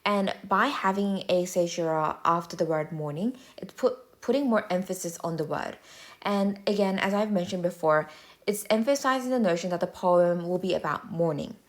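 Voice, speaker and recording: A woman tutor giving a measured, clear, step-by-step explanatory voice-over lesson. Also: lowish voice.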